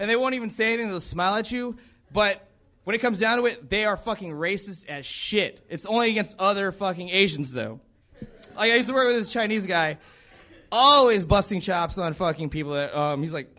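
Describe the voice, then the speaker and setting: High-voiced young man doing stand-up. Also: animated, fairly quick, pushed and bright. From Southern United States. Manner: profane, rambling, laughs at own jokes. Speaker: stand-up comedian. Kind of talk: stand-up set.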